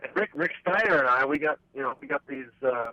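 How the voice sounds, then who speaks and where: A man who is a former wrestler speaks as a guest, often restarting his words. His voice is bright and a little tense. He is heard over a dull, dry phone line. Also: mid-range voice, animated, quick pace, dry recording. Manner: hesitant, restarts phrases. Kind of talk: casual interview chat.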